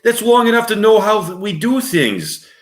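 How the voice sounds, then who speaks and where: A man's voice: high voice, big pitch swings, normal speed, reverberant, pitched above the performer's own voice. A man putting on a New York accent to play a tough male cop. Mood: scornful.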